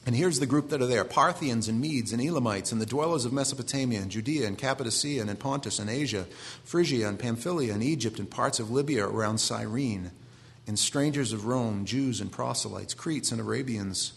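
A man's voice: medium pitch, fairly quick, gravelly. A man in his forties with a Maine accent, preaching a sermon in a conversational way with self-deprecating asides. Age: 40s. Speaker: pastor.

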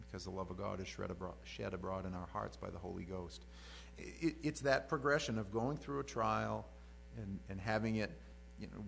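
Male pastor, low and gravelly, conversational sermon delivery over a faint mains hum. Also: rough recording. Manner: conversational preaching with repeated words and rising emphasis.

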